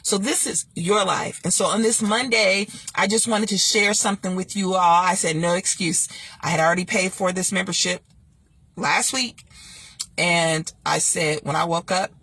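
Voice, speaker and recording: A woman, chatting casually and sassily to viewers, preachy at times and laughing loudly. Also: normal speed, breathy edge, dry recording. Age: 50s. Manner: sassy, preachy, laughs loudly and swoops high when joking. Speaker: host. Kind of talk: casual livestream chat.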